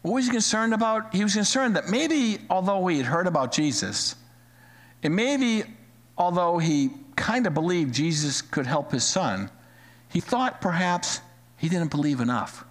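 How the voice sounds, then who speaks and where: Animated high-voiced male preacher in a hall. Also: normal speed. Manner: animated, repeats phrases for emphasis. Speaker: pastor. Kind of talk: sermon. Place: church sanctuary, live-streamed. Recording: long hall reverb.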